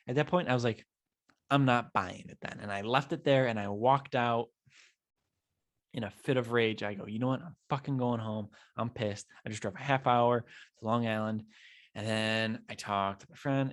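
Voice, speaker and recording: A young man hosting a podcast alone, telling a frustrating shopping story and acting out both sides of the talk. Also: mid-range voice. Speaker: podcast host. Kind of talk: solo storytelling chat.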